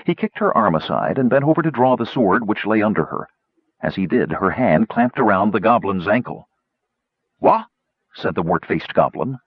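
Man, fantasy audiobook narration, dramatic, lively pitch, slightly dull audio. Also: fairly quick, breathy edge, no room sound.

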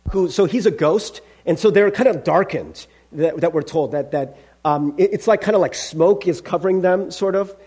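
A man's voice: sits high, moderate pace, hardly any pauses, darkish tone, slightly rough. A male pastor preaching a conversational sermon, calling listeners friends.

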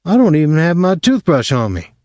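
A man voicing a worried young sailor, pitched up. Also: sing-song, brisk, no echo, studio quality. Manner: worried, pleading, higher and louder. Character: anxious young male sailor, cautious and timid.

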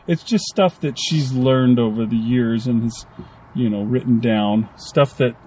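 A man's voice: mid-range voice, unhurried, mellow, a little hiss or hum. A man co-hosting a casual podcast chat, rambling and acting out little quoted lines. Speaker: podcast co-host.

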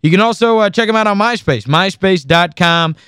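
A male host with a high, smooth, crisp voice asks short, upbeat questions. The sound is dry and close, with no room around it. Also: fairly quick, bright, forceful tone, no room sound. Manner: brief, upbeat prompting questions. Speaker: radio host.

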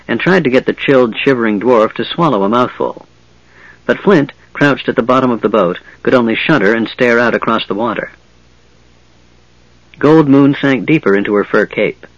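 A man reading a fantasy novel aloud in steady, measured scripted narration. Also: medium pitch, no echo, lo-fi sound. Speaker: audiobook narrator.

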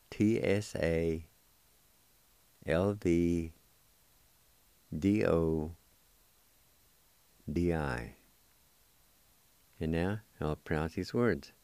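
A man hosting a radio language lesson, spelling and pronouncing Cherokee words slowly and repeating each one for listeners to write down. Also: low voice, warm tone, clean tone, dry recording. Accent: Oklahoma Cherokee.

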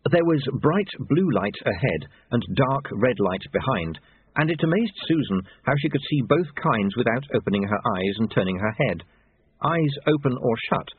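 Male narrator, husky and lively, dry tinny phone-like recording. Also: medium pitch, no echo. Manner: expressive storytelling. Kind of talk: audiobook narration.

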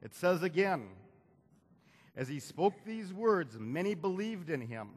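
A man's voice: sits high, sing-song, a little slow, breathy edge. A man preaching a sermon who repeats phrases, builds to emphatic peaks, and calls for the congregation to answer. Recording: long hall reverb.

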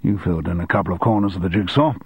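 A man's voice: deep voice, very fast, slightly rough, phone-quality sound. A man voicing a commanding middle-aged male newspaper boss who gives curt orders.

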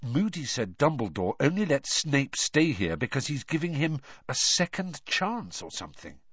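A man with a husky voice voicing a cross teenage schoolboy who talks in a hushed, urgent way, on a dull lo-fi recording. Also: medium pitch, big pitch swings, moderate pace, no room sound, voice pushed up. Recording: dull lo-fi audio.

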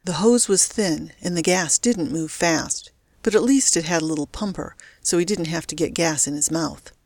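A woman narrating a story in a steady, even reading voice. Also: on the low side, normal speed, no echo. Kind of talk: audiobook narration.

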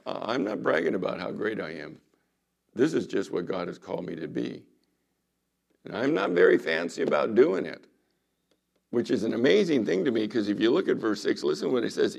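A man preaching a sermon as pastor, retelling scripture stories dramatically and dropping to a hushed voice for quoted lines. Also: mid-range voice, gravelly.

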